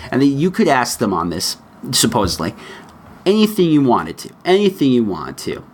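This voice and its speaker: A man hosting a solo podcast and talking casually about pop culture news. His pitch swings widely as he rants and jokes. He sounds chatty and opinionated. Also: wildly swooping pitch, moderate pace, a little hiss or hum. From United States. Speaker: podcast host.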